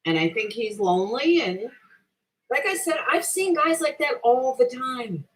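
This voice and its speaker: On a rough recording, a middle-aged woman streaming live fires back at her chat with plenty of profanity, defending herself and restating her point in a heated, casual rant. She has a high, animated voice and doesn't rush.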